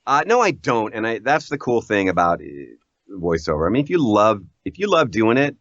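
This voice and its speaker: A man who works as a voice actor, chatting casually as an interview guest in an animated, self-deprecating way and laughing often. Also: fairly low pitch, brisk, no echo. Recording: dull lo-fi audio.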